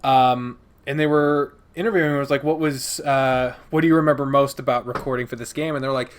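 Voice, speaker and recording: A man's voice: medium pitch, steady tone, brisk, few pauses. A man chatting casually as a podcast guest, rambling and swearing, laughing often. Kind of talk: casual chat.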